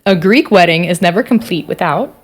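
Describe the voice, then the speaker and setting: A woman from Queens hosting a podcast, asking questions in a playful, animated way. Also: fairly low pitch, brisk. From Queens, New York, US. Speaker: podcast host. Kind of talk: casual interview chat.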